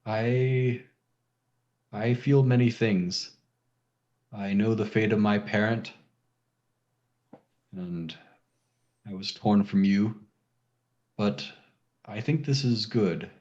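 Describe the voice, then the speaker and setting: A man voicing a calm, weary male water dragon in a tabletop game, speaking slowly and solemnly over a dull lo-fi recording. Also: on the low side.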